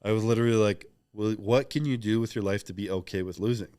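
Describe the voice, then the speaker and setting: A man's voice: on the low side, steady tone, fast, a little mellow, clean tone. A man speaking as a guest in a casual interview, candid and reflective, who sometimes acts out remembered conversations. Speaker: podcast guest, pro bodybuilder.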